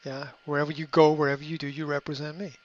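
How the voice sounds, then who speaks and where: A middle-aged man hosting a podcast, giving a motivational monologue in a halting way, repeating words and filling pauses with ums. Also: on the high side, level tone. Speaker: podcast host. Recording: slightly dull lo-fi audio.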